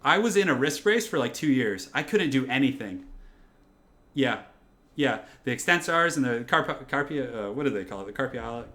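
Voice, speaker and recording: A man's voice: mid-range voice, a bit bright. A man doing casual live-stream commentary over a game from a room at home, chatty and repeating his phrases as he answers chat.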